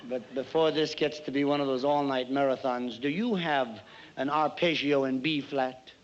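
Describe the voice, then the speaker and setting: An actor playing a nightclub entertainer who tells stand-up stories on stage, with brisk delivery and mock-modest asides to the audience. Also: male voice, medium pitch, fairly even intonation, close to an everyday voice. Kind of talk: stand-up comedy routine on stage. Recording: dull old TV soundtrack with loud music.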